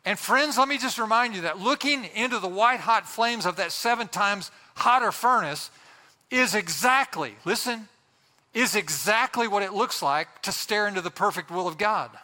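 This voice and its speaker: Bright-voiced preacher in a reverberant hall. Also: male voice, high-pitched, expressive. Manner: impassioned preaching with dramatic pauses. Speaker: pastor. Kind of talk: sermon.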